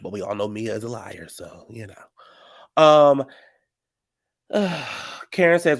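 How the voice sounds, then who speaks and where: Casting note: male recap commentator, sassy and gossipy, AAVE, mid-pitched, dry close sound. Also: moderate pace, dry recording. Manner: sassy, gossipy, animated storytelling with "honey" and "child".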